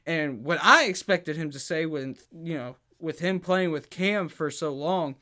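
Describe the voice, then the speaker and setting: A man's voice: a little high, measured pace, bright, forceful tone. A man hosting a sports podcast, arguing heatedly, stammering and restarting, pressing home his points with rhetorical questions. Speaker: podcast host.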